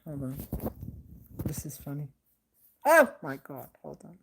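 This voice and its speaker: A woman's voice: sits low, very animated, measured pace, vocal fry, a little hiss or hum. Blunt, profane woman vlogger. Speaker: channel host. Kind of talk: casual ranting vlog.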